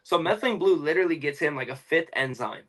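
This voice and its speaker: A young man, an interview guest, explaining at length in a fast, emphatic, casual way with slang. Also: a little high, lively intonation, a bit bright, poor audio.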